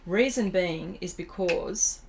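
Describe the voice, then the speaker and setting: A woman's voice: fairly low pitch, slow pace, vocal fry, a little mellow, a little hiss or hum. A middle-aged woman, hosting an art livestream and chatting casually with viewers as she draws, reading their comments aloud in a self-deprecating way. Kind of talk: casual chat while drawing.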